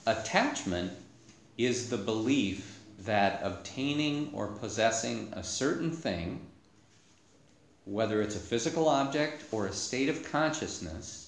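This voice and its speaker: Low-voiced man giving a dharma talk. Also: slight background noise. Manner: unhurried, explanatory, with many "you know"s. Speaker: meditation teacher. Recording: echoey room.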